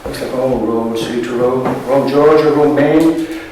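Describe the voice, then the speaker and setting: A man's voice: medium pitch, fairly even intonation, measured pace, darkish tone, a little hiss or hum. An Irish man, a poet, giving a wry, sardonic reading at a book launch and chuckling at his own jokes. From Ireland. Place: museum hall at a live event. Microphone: room recording from a distance. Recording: very echoey hall from far off.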